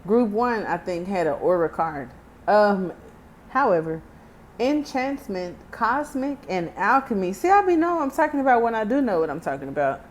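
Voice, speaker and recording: A Texan woman in her thirties gives a casual tarot card reading, reading the card text aloud with chatty, joking asides. Her medium-pitched voice is very animated at a moderate pace, with a little hiss or hum in the audio.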